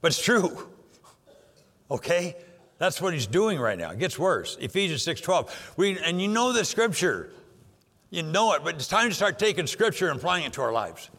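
An older man preaching with a high, bright voice that carries through a reverberant hall. He delivers his sermon emphatically, repeating key phrases, slowing down to stress some lines and dropping others low. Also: big pitch swings. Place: church sanctuary.

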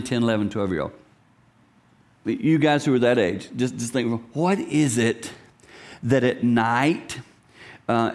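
A middle-aged man preaching a sermon to his congregation. He talks animatedly, swinging between loud lines and hushed whispers and acting out voices. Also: mid-range voice. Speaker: pastor.

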